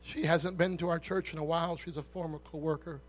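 A man pastor preaching a sermon with an altar call, swinging between shouted fervor and hushed, intimate words. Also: a little high, fairly even intonation, fairly quick.

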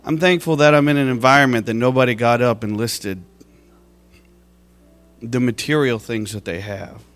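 A man's voice: mid-range voice, normal speed, fairly bright tone, faint music behind. A man giving an emotional church testimony, heartfelt and at times tearful, laughing at his own past.

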